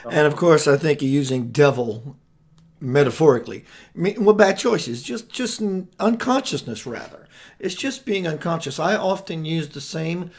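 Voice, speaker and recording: A man with a slightly high voice hosts a casual spiritual radio chat. He talks earnestly and often stumbles and restarts his words. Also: animated, normal speed, a little mellow. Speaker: radio show host.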